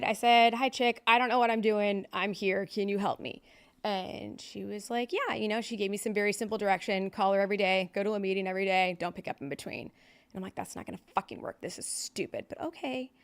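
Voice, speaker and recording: A podcast guest, a woman in her thirties from Southern California, tells her own recovery story candidly and bluntly, with plenty of fillers. Her voice is medium-pitched and clean in tone.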